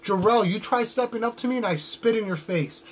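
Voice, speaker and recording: A man's voice: high voice, brisk, a little hiss or hum. A young adult man cutting a wrestling promo with boastful, trash-talking swagger.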